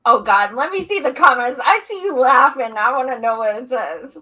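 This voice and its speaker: Bright-voiced, blunt woman co-host. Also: sits high, animated, a little fast, low-quality recording. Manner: blunt, outspoken and playful. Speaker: podcast co-host. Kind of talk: casual political podcast chat.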